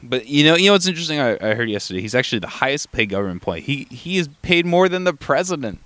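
A young man hosts a casual solo podcast while coming down with a cold, speaking fast in a medium-pitched, sing-song voice that's bright and forceful, with no echo. He rambles and swears freely, restarting often and filling gaps with fillers.

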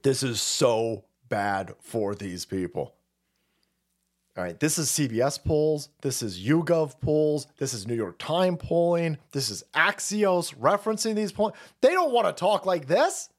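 A man's voice: on the high side, sing-song, normal speed, hardly any pauses. A man streaming a profane political rant, repeating himself and cursing heatedly. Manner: foul-mouthed, repetitive, heated.

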